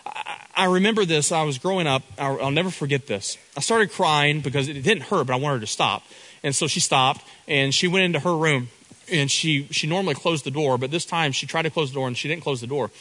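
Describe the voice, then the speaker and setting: A man's voice: a little high, a little fast, bright, forceful tone, poor audio. A middle-aged man preaching a sermon, earnest, often repeating and restarting his words.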